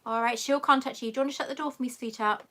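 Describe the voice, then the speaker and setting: A woman's voice: a little high, fairly even intonation, racing, a bit bright. A woman hosting a casual live chat, reading viewer comments aloud and calling people darling. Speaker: YouTube host answering live chat questions.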